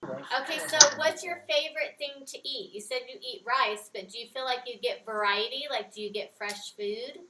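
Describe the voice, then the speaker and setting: A woman's voice: fairly high pitch, normal speed, rough recording. A woman from the family, chatting on a video call, chiming in with questions. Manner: lively, chiming in with laughs and questions. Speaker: family member. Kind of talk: casual chat on a video call.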